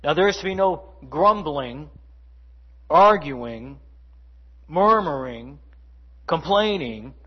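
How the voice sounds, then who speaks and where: Husky-voiced man preaching conversationally. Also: on the high side, lively intonation, slow, long pauses, dull audio. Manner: conversational preaching with asides and mimicry. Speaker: pastor. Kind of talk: sermon.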